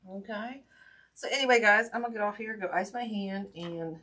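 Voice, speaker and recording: A woman with a medium-pitched, sharp-toned voice talks at normal speed, hosting a casual wreath-making livestream. Folksy and chatty with many ums, she greets viewers by name while her injured hand aches.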